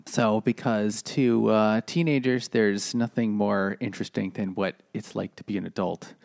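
A man's voice: on the low side, fairly even intonation, moderate pace, creaky, darkish tone. A man co-hosting a casual chat over beers, chatty and summarizing with hesitant restarts. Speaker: podcast co-host.

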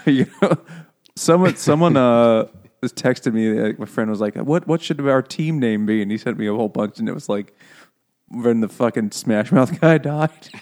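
A man's voice: medium pitch, normal speed, darkish tone. Joking, laughing man co-hosting a podcast. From half Irish family. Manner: joking, swears freely, laughs at own jokes. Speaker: podcast co-host. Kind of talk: casual chat over beers.

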